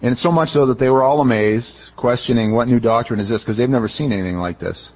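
A man's voice: mid-range voice, quick pace, highs cut off. A middle-aged man as a pastor giving a conversational sermon, acting out the voices of the people he quotes. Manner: conversational, acts out quoted voices, animated retelling. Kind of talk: expository sermon.

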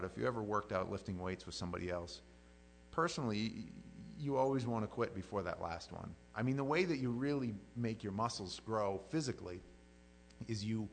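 Male pastor, low and gravelly, conversational sermon delivery over a faint mains hum. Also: poor audio. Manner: conversational preaching with repeated words and rising emphasis.

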